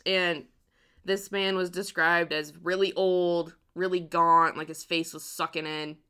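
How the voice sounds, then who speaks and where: A woman tells a true crime story in a loose, casual way. Her voice sits a little low but sounds bright and forceful. She swears freely and laughs easily. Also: little pitch movement, measured pace, clean tone. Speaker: podcast host telling a true crime story.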